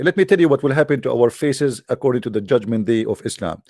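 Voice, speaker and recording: A man's voice: mid-range voice, expressive, quick pace, warm tone, no echo, studio quality. A man delivering a mocking, sarcastic monologue to viewers in broken, non-native English. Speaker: online commentator.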